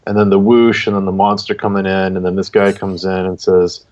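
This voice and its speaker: A man's voice: low-pitched, little pitch movement, a little fast, a little mellow. A man acting as guest judge, giving casual, rambling critique of comic entries on a livestream over a video call. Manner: rambling, filler-heavy feedback. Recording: dull lo-fi stream audio.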